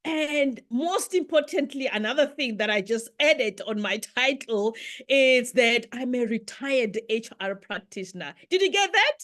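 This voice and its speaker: A middle-aged woman, a guest speaker giving a loud, excitable, preacher-like motivational business presentation over a video call. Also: a little high, unhurried.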